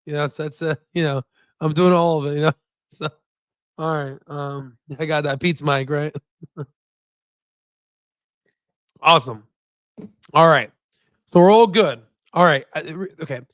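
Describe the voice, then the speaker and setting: A chatty man talks casually to his viewers, repeating himself and laughing easily. His voice sits somewhat high for a man. The sound is close and dry. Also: fairly even intonation, measured pace, long pauses, a bit bright, no room sound. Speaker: stock investing channel host. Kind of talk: casual livestream chat. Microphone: new desk microphone.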